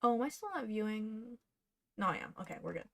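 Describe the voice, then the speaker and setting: A woman's voice: mid-range voice, animated, fairly quick, creaky. A woman streaming her cosplay patterning work, chatting casually and muttering to herself as she works. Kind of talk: casual live-stream chat while working.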